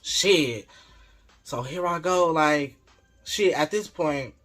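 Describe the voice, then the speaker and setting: A man telling a story in an animated, slangy, laughing way. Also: on the high side, slow pace, faint music behind. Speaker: vlogger. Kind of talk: casual storytelling.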